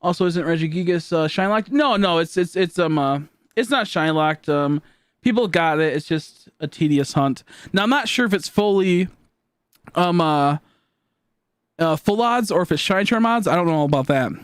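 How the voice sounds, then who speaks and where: A man talking casually to his live-stream chat, telling stories in an animated, rambling way and laughing often. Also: fairly high pitch, moderate pace, clear, resonant tone, no room sound, studio quality.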